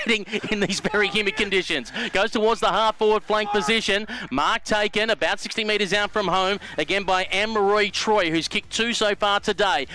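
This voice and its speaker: A man's voice: sits high, pushed and bright, poor audio. A man co-commentating a live football match, giving player background with dry, teasing asides.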